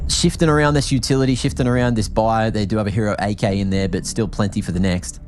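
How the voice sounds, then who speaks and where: A man from Australia with an Australian accent, calling a match as an energetic play-by-play esports caster. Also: on the low side, slight background noise. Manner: energetic, quick reactions, laughs easily. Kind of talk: play-by-play commentary.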